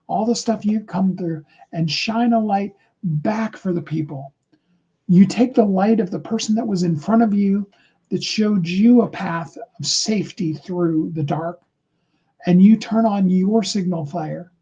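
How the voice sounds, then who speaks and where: Speaking earnestly to his livestream viewers, a man offers motivation and encouragement, sometimes acting out brief example conversations. His voice is high-pitched yet dark in tone, slightly rough, and the audio has a lo-fi quality.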